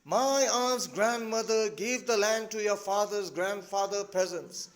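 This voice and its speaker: A man's voice: high-pitched, measured pace. A man reading aloud as a nervous, hypochondriac young landowner, in a fretful, complaining way.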